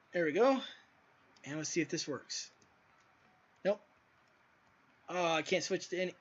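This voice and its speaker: An indie game developer chats casually as he tests his own game, rambling loosely and tossing in crude asides. His voice sits on the high side, and he talks at a moderate pace with frequent pauses. The lo-fi recording sounds dull, with faint music behind him.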